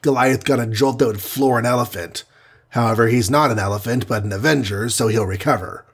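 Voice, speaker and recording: A man with a husky voice voicing a boastful, wisecracking male archer hero in an audiobook reading. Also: mid-range voice. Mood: explaining. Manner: cocky and quick-talking. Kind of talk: audiobook character voice.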